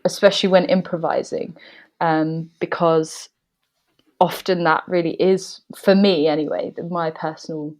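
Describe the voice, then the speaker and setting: A woman guest on a podcast, a movement director and dancer, answering thoughtfully with frequent pauses and fillers. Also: lowish voice, steady tone, a little mellow. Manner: thoughtful, hesitant with frequent ums. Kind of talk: reflective podcast conversation.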